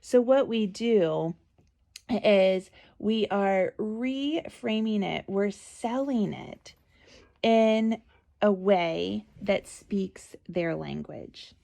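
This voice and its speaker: Woman chatting on her podcast, gravelly little fry, telling stories from home, close mic. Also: medium pitch, very slow, warm tone. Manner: chatty, conversational, many asides. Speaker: podcast host and parent advocate. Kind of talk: casual solo podcast storytelling.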